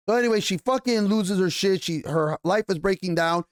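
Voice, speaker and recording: A young man speaks a little fast in a high voice, barely pausing, as he angrily reviews a TV episode. Profanity fills nearly every line, and he stammers and restarts when he's agitated. The audio is studio quality with no room sound.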